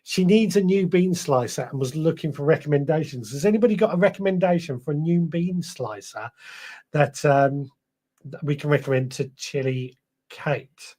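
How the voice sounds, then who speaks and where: A man's voice: a little high, normal speed, warm tone. A man hosting a podcast live stream, reading out viewer comments in a rambling, chatty way, a little tired. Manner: chatty, rambling, self-correcting. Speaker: podcast host.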